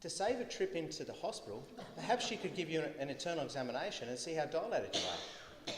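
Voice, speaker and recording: A middle-aged man eulogizes his mother at a funeral hall, speaking quickly in a fairly high voice with big pitch swings, with background noise present. He tells stories and laughs softly at them, and the livestream captures the hall's echo.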